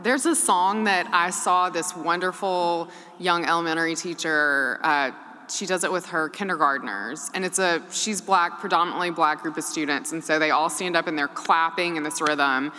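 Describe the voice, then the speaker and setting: Brief: middle-aged female co-host, bright sharp tone, chatty, long reverb. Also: on the low side, normal speed. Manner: chatty, heavy use of "like", playful. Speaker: podcast co-host. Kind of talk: casual chat.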